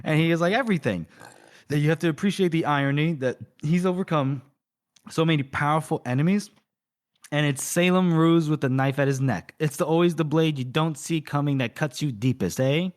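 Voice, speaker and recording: A man's voice: a little high, a little fast. A man co-hosting a podcast, casually retelling a book's chapter with lots of fillers and quoted dialogue. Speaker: podcast co-host. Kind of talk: casual book recap.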